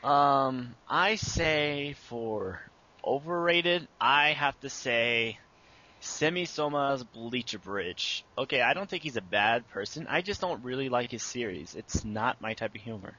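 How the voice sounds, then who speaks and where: A man's voice: medium pitch, lively intonation, a little slow, pushed and bright, dull audio. A young man answering interview questions about making his abridged series, casual and rambling with many fillers.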